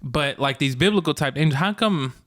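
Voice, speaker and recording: A man's voice: a little high, expressive, fairly quick, a bit bright, dry recording, clean studio sound. A man hosting a casual podcast, laid-back and rambling, laughing often between thoughts, recorded in a home podcast room. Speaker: podcast host. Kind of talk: casual chat.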